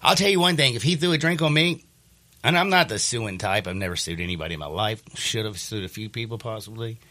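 Man, sports talk radio host, congested, lowish voice, bright edge, rambling. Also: quick pace. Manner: rambling, animated, jokey. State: congested from sinus trouble.

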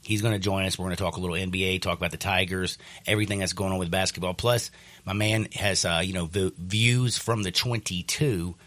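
A male sports radio host, congested from sinus trouble, talking in a rambling, animated, jokey way. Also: low voice, a little fast. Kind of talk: sports talk radio chat.

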